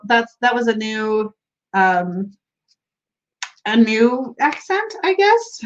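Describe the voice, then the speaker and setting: A woman's voice: fairly high pitch, very animated, slow pace, muffled recording. An American woman hosting a tarot live stream, chatting casually, giggling often and reading viewer comments aloud. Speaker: tarot livestream host.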